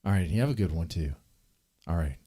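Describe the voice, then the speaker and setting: A man's voice: low-pitched, animated, brisk, crowd noise. Teasing, rambling male stream host. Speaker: livestream host. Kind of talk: casual livestream chat.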